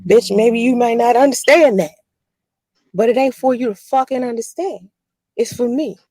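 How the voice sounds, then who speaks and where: A woman's voice: on the high side, normal speed, warm tone, no echo. A woman vlogger in a blunt, profane, defiant rant. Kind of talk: ranting monologue.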